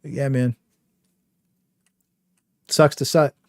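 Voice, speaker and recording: A man's voice: medium pitch, fairly even intonation, extremely slow, creaky, no echo, clean studio sound. A young man casually chatting on his game livestream, rambling with lots of fillers and a trolling swagger. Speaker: game streamer.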